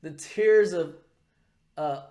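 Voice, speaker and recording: A man voicing Cartman, a spoiled scheming boy gloating over his revenge, with a smug, drawn-out manner. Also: on the high side, a little mellow.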